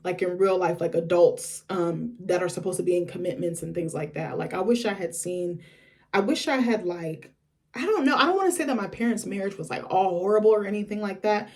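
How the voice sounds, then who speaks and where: Fast-talking young woman vlogger. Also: fairly low pitch, a little mellow. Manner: chatty, frequent filler words. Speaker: vlogger host. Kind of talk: candid casual storytelling.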